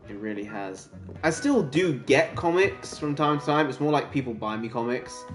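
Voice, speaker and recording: A man's voice: mid-range voice, animated, moderate pace. A man chatting casually while streaming a game, rambling and self-deprecating, saying he is worn out. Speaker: gaming livestreamer. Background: game music.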